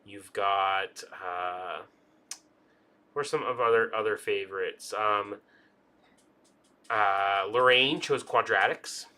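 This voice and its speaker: A man's voice: fairly low pitch, slow, long pauses, pushed and bright, clean tone. A man running a tabletop game as game master, playful and theatrical.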